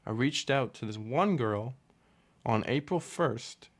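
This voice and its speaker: A young man with an everyday mid-range voice rants through breakup advice in a loose, casual monologue. He is blunt and profane, and animated, voicing his own inner back-and-forth as he goes. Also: mid-range voice, takes it slowly. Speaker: relationship advice talker.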